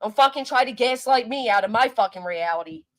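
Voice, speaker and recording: Woman streamer on a heated, profane live rant, answering chat, slightly high voice. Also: lively intonation, fairly quick, a bit bright. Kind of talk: angry livestream rant.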